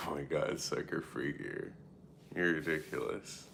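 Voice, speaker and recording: A man in his late thirties talks live to his viewers, low-pitched and full of vocal fry. He rambles candidly, swears often and leans on "like" as a filler, with a faint hiss under the voice. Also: unhurried, fairly bright tone. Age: 30s. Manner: frequent filler "like" and self-interrupting. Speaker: live streamer. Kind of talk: casual chat answering viewers.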